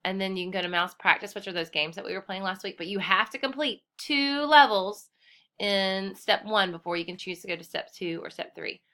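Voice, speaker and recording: Bright-voiced cheerful woman teaching young children. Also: medium pitch, lively intonation, a little fast. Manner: cheerful, encouraging, addresses children as friends. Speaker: kindergarten teacher. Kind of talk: screen-recorded computer lesson for young children.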